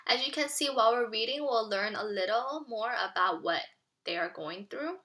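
Bright-voiced woman teaching kids. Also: on the high side, animated, moderate pace. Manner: explanatory, clear and patient. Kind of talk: children's read-aloud lesson.

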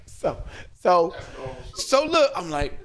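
A man hosting a podcast, telling a story in casual chat, animated and laughing often as he acts out quotes. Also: high-pitched, slow, crowd noise. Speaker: podcast host. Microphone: podcast studio mic.

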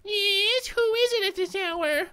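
A man's voice: extremely high pitch, takes it slowly, sharp tone, pitched above the performer's own voice, exaggerated voice. A man voicing an irritated woman neighbor who has been woken in the night, snapping back indignantly.

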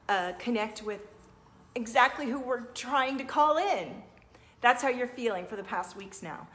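A woman's voice: fairly high pitch, fairly bright tone, slight background noise. A woman hosting a livestream as a spiritual coach, talking earnestly and answering viewers' comments.

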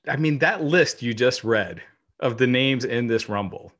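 Male co-host, mid-pitched voice, casual and emphatic, laughs easily. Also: a little slow, a bit bright. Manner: enthusiastic, emphatic praise with laughs. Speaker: podcast co-host. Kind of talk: casual chat.

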